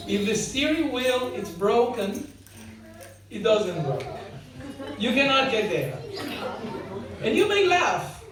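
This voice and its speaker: A devotional speaker giving an informal spiritual talk, joking and quizzing the audience with frequent laughter. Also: medium pitch. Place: large hall with audience. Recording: very echoey hall, mic far off, audience.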